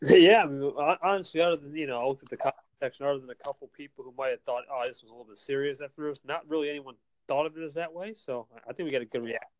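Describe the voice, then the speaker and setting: Fast-talking upbeat young man. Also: on the high side, no room sound. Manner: upbeat and eager. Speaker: podcast co-host. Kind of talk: casual chat.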